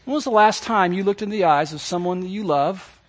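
A man's voice: high-pitched, fairly quick. A man preaching a sermon as pastor, speaking earnestly and directly to his congregation, repeating key phrases for emphasis. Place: church service.

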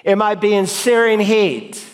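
A middle-aged man preaching an expository sermon, emphatic and building to forceful exhortation. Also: high-pitched, a little slow, long reverb tail.

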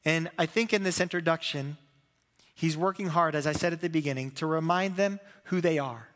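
A man preaching to his congregation with a high, bright voice that carries through a large, echoing sanctuary. He tells stories in an animated way, acting out what people say, and laces the sermon with self-deprecating humor. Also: moderate pace. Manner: animated storytelling with acted-out quotes. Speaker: pastor.

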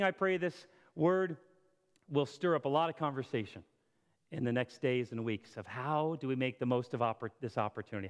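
A man preaching a sermon as pastor, rising to impassioned appeals and dropping to a hushed prayer, recorded in a church auditorium. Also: mid-range voice. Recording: long hall reverb.

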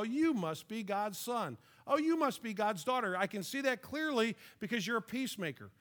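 A man's voice: fairly high pitch, fairly bright tone. A middle-aged man preaching a sermon in a conversational, storytelling way. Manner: conversational, storytelling, with light laughs and restarts. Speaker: pastor.

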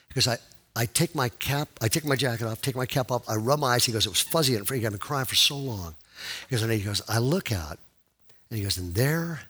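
A male pastor telling a story in a sermon, animated, dropping to a hush and rising to loud excitement. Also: medium pitch, quick pace, breathy edge.

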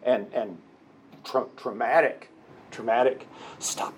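A man leading a prayer workshop with a group, talking conversationally, with restarts and slow emphasis. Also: medium pitch, fairly even intonation, a little hiss or hum. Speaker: workshop leader. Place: meeting room with a group.

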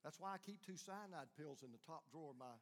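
A man preaches through a story, voicing each person in it with lively, rising emphasis. His voice sits high for a man. The sound rings with the long reverb of a large hall. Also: fast, slight background noise. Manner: animated storyteller acting out quoted dialogue. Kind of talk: storytelling sermon.

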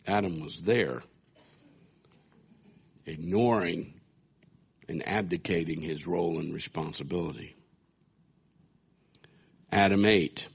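Male pastor, low voice, slow deliberate delivery, playful storytelling sermon. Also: creaky, slightly rough. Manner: dramatic, humorous storytelling with acted quotes.

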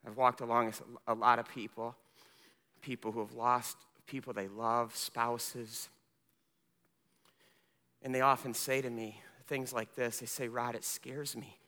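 Male pastor preaching, bright and forceful, alternating loud and hushed delivery, long church reverb. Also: mid-range voice, little pitch movement, measured pace, long pauses. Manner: impassioned, swinging between loud emphasis and hushed speech. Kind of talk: sermon.

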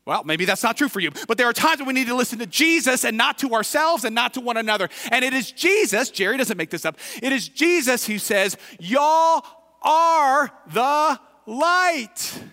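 A male pastor with a Midwestern American accent preaching a sermon, moving from quiet reflection to shouted emphasis. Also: very high-pitched, expressive, fast talker, few pauses. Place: church sanctuary. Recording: reverberant hall, distant at times.

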